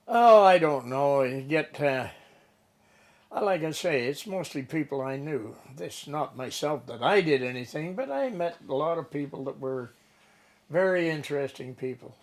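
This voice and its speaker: A man's voice: on the high side, lively intonation, normal speed. An older man rambling through casual stories as an interview guest, folksy and swearing offhand. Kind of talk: casual storytelling.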